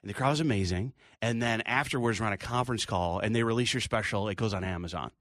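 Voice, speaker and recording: A man's voice: fairly low pitch, fast, no room sound, clean studio sound. A man who is a comedian, telling stories in casual chat and acting out the people he quotes. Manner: animated, acts out quoted voices. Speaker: comedian guest.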